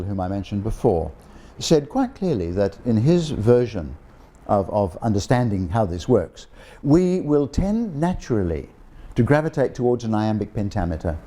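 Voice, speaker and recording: Speaking in a low-ish, mellow voice, the older professor addresses an audience of guests in a relaxed public talk. A linguist invited as guest speaker, he wanders off on tangents amiably, with many restarts and ums.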